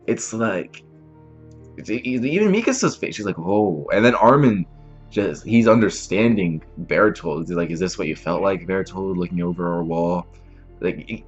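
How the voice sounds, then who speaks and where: A man's voice: fairly low pitch, husky, lo-fi sound. A man hosting a reaction channel, recapping an episode in a casual, rambling way with lots of fillers. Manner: animated, rambling retelling with many fillers.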